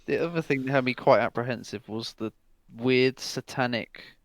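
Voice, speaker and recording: A man's voice: mid-range voice, moderate pace, no room sound. A man with a mid-range voice co-hosts a music podcast. He talks in an easygoing, casual way and drops short, offhand quips. The recording is dry and close. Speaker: podcast co-host. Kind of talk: casual chat.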